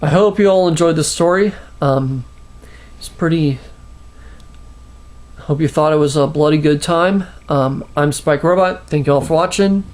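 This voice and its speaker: A man reading his own short story aloud, halting with restarts and fillers. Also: a little high, a little mellow. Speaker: storyteller, channel host.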